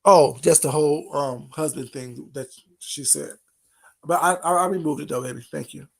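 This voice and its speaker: A man's voice: on the high side, normal speed, creaky. A man hosting a casual late-night livestream, gossiping with his chat in a teasing way and laughing often. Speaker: livestream host talking to chat.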